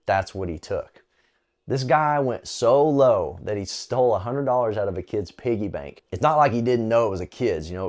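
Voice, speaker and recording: A man telling a personal faith story in a relaxed, conversational way, with frequent small fillers. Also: lowish voice. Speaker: storyteller sharing a faith testimony. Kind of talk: casual spoken testimony.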